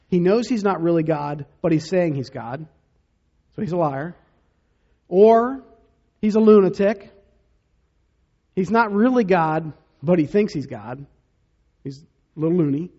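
A man preaching a sermon as pastor, dramatic, dropping to a hush to stress key points. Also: high voice, expressive, takes it slowly, pauses often, muffled recording. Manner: dramatic, drops to a hush for emphasis.

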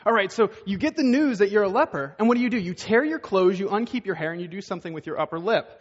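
A man's voice: sits high, lively intonation, fast talker. A man preaching a sermon in a conversational way, asking rhetorical questions and acting out the voices of the people he quotes. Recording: dull, echoey hall sound.

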